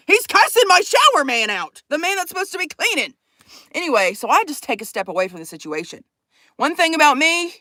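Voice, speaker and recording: A woman telling a profane, animated story to her vlog audience, acting out the people in it. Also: fairly high pitch, no room sound. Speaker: vlogger. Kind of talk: casual storytime chat.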